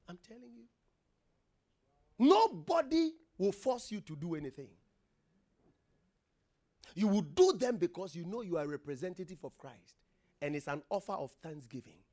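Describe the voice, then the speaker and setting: High-voiced, lively preacher man. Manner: emphatic, asks the congregation questions and has them repeat words. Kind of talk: sermon.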